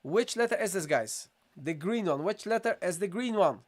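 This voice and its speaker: High-voiced man teaching recitation patiently. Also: expressive. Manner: patient, repeats questions to viewers, models pronunciations slowly. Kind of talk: live online tajweed lesson.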